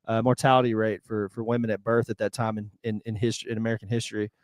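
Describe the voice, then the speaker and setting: A man's voice: fairly low pitch, flat delivery, very fast, no echo, clean studio sound. A man co-hosting a podcast, chatting casually and rambling through his musings. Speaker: podcast co-host. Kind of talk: casual chat.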